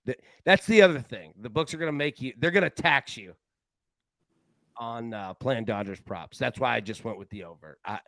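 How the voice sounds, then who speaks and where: A man hosting a live sports betting show, talking in a casual, excitable way full of slang and stammered restarts. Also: medium pitch, normal speed, no room sound, poor audio.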